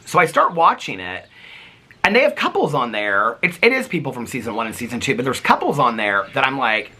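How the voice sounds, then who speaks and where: A middle-aged man vlogging at home in casual chat, excitable and chatty, breaking off now and then to talk about animals in the yard. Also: medium pitch, quick pace, a little hiss or hum.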